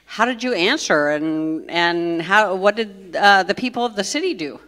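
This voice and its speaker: A woman's voice: medium pitch, expressive, normal speed, fairly bright tone. A woman interviewing a biblical figure, asking inquisitive questions and adding thoughtful comments.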